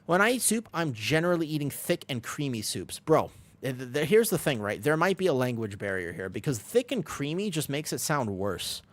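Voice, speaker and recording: Animated young male streamer, lively pitch. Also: normal speed. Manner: rambling, animated, reads chat and answers. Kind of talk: casual chat while gaming.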